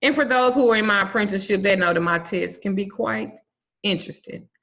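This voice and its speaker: A woman's voice: mid-range voice, brisk, fairly bright tone. A woman teaching a casual online herb class in a blunt, bawdy, profane way. She jokes as she teaches and spells out herb names letter by letter. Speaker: herbal and spiritual teacher. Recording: muffled lo-fi sound.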